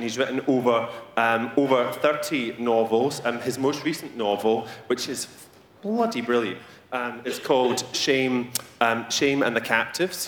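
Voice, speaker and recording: A man's voice: medium pitch, fairly bright tone, echoey room. A man hosting a podcast live on stage, introducing a guest in a chatty, playful, joking way. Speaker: podcast host.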